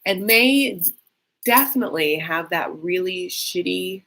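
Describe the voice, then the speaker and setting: A woman's voice: on the low side, animated, measured pace, creaky, pushed and bright, a little hiss or hum. Chatty, catty woman reacting live. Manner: chatty and catty, reads viewer comments aloud, heavy use of "like". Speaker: host of a live reaction stream. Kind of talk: casual live reaction chat.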